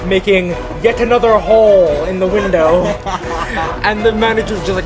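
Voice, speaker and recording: A man's voice: high voice, moderate pace, music in the background, low-quality recording. A man casually telling a story to friends, rambling with lots of "like" and restarts.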